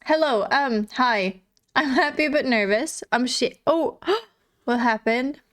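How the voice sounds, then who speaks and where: Giggly high-voiced woman streamer. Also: takes it slowly, a bit bright. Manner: giggly, chatty, reads chat aloud. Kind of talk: casual live-stream chat.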